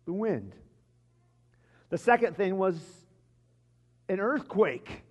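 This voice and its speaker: Male pastor, high voice, sermon storytelling with restarts, big church-hall echo. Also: very animated, slow pace, highs cut off. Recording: long reverb of a large church hall.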